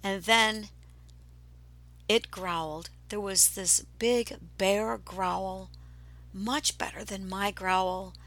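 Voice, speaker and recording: A woman podcast host telling a personal story in a slow, hushed way, often dropping into a whisper. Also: mid-range voice, steady tone.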